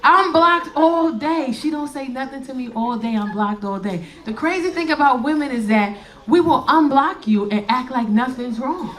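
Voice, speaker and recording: High-voiced, animated woman comic. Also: normal speed, noisy background. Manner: animated, profane, bursts of loud shouting. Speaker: stand-up comedian. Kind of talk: stand-up set. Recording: live club with audience laughter.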